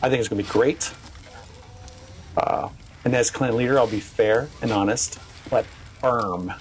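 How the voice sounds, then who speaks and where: A man's voice: mid-range voice, measured pace, a little hiss or hum. A middle-aged man streaming a game, chatting in a rambling way with many fillers and restarts. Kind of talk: casual live-stream chat.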